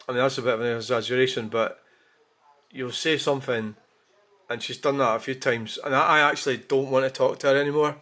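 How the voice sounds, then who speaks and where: In this casual monologue, a male vlogger talks a little fast in a mid-range, sharp-toned voice with fairly even intonation. His talk is rambling and frank, full of swearing and self-corrections.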